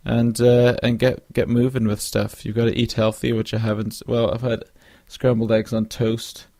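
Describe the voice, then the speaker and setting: In clean, dry studio sound, a young man rambles through his casual solo podcast, drowsy and now and then yawning, leaning on fillers and restarts. He has a warm, mid-range voice with a flat delivery and moderate pace.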